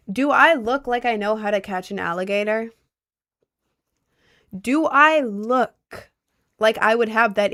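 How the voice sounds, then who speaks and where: A woman's voice: medium pitch, creaky, fairly bright tone. A young woman from Maryland chatting casually on a livestream, answering viewer questions with playful, dry sarcasm. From Maryland, USA. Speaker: streamer reading chat.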